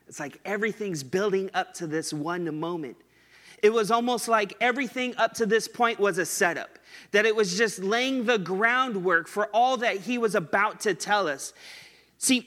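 Man, preacher, high bright voice, chatty sermon, echoing hall. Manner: conversational preaching, stretches words for emphasis. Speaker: pastor.

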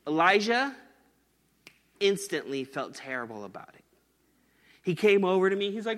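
A man's voice: sits high, animated, moderate pace, a bit bright, long reverb tail. A man in his thirties preaching a sermon in an earnest, conversational way, mixing scripture with stories from home. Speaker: pastor.

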